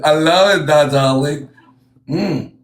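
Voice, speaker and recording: This man's voice is a little high, and he takes his time. Hosting a livestream battle in casual chat, he showers praise in broken English and drifts into Spanish phrases.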